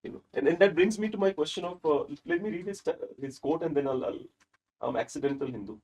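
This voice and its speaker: Gravelly Indian-accented man hosting. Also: a little high, quick pace, darkish tone. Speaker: podcast host. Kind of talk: casual interview chat.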